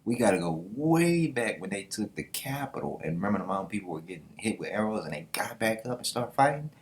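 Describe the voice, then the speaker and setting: A man hosting a casual manga reaction vlog, excited and slangy, swearing freely. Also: fairly low pitch, fast, slight background noise. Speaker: manga reaction channel host.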